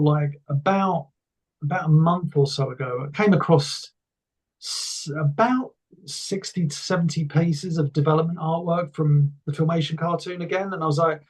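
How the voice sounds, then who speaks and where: A man's voice: a little high, breathy edge. A man being interviewed, telling stories in a rambling, enthusiastic way with many restarts. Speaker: interview guest. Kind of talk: casual conversation.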